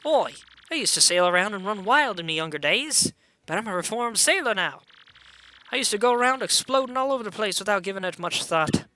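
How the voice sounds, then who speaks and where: A man voicing an old, reformed male sailor in a game, with salty, gruff talk. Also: sits high, expressive, a little fast, bright, forceful tone, pitched above the performer's own voice, poor audio.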